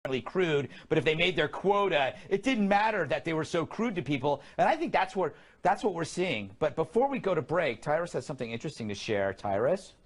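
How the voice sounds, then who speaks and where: A man's voice: on the high side, sing-song, brisk, few pauses. A man hosting a comedy talk show, with wry, sarcastic banter and monologue jokes. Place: television studio.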